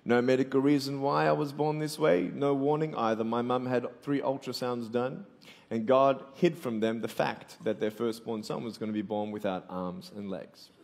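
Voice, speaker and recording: A man in his twenties with an Australian accent preaches in a large hall, his words trailing off into a long echo. His voice has a gravelly edge at an ordinary middle pitch. He moves from playful storytelling to earnest, searching questions. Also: little pitch movement, moderate pace, darkish tone. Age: 20s. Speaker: motivational Christian speaker. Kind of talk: sermon with comic stories.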